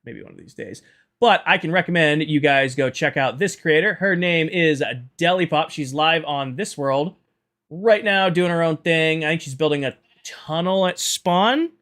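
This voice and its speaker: Tired male game streamer, bright higher voice, sarcastic banter with chat. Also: moderate pace. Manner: chatty, sarcastic, addresses chat directly. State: tired at end of long stream. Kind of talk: casual livestream chat.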